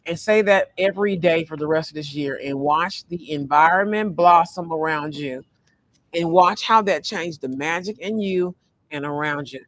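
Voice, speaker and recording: A man giving a casual, rambling tarot reading from a fast-food restaurant, full of fillers and restarts. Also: fairly high pitch, a bit bright, no echo. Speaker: tarot reader. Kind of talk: casual spiritual card reading vlog.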